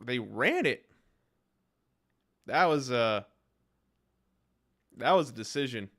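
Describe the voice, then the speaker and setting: Excited young man calling plays live. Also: mid-range voice, takes it slowly. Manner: excited commentary, reacting aloud to plays. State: voice starting to go. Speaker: sports fan live-streaming play-by-play reactions. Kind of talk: live play-by-play reaction stream.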